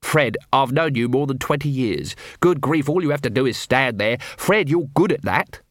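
A man's voice: mid-range voice, animated, normal speed, no echo, natural voice. A man voicing a weary, cynical middle-aged male watch captain who talks in a dry, exasperated way.

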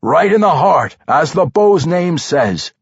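A man voicing a gruff, folksy male dwarf king in an audiobook, speaking higher than his narrating voice. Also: very animated, slow pace, no room sound, highs cut off, heavily acted. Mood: cheering.

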